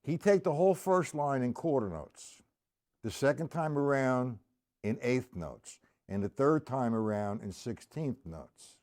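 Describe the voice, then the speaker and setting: Slow-talking man counting drum strokes. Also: mid-range voice, expressive, a little mellow. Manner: patient, counting aloud while playing. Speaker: drum teacher. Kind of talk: live-streamed drum lesson.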